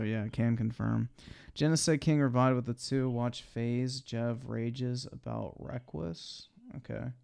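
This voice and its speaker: A man's voice: medium pitch, creaky, darkish tone, clean tone. A young man giving blunt, profane live-stream commentary while he watches videos.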